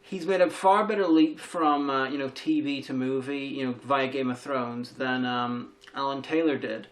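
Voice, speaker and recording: A man's voice: mid-range voice, fairly even intonation, moderate pace. A man co-hosting a casual movie vlog, dry and wry, hesitating with ums and uhs. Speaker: vlog co-host. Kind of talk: casual chat about a movie.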